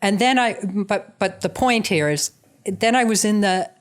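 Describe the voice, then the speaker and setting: A woman guest telling animated anecdotes in casual conversation. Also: mid-range voice, unhurried. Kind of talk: casual storytelling.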